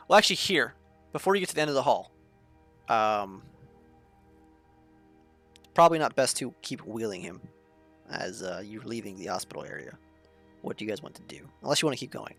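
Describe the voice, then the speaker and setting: A man running a tabletop game as game master, laid-back and quick to laugh. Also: medium pitch, big pitch swings, gravelly, fairly bright tone, faint music behind.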